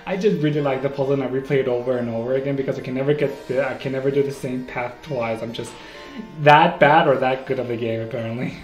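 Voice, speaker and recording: A man hosting a casual solo podcast, rambling and excitable, often stopping to correct himself, on a home microphone. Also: mid-range voice, quick pace. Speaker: podcast host. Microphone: home microphone, may clip. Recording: echoey room with faint music.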